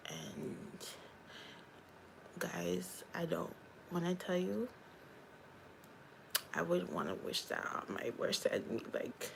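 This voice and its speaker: A woman's voice: on the low side, big pitch swings, slow pace, creaky, long pauses, slight background noise, poor audio. A young woman, a YouTuber and hairstylist, chatting candidly on a livestream and talking straight to her viewers. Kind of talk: casual livestream chat.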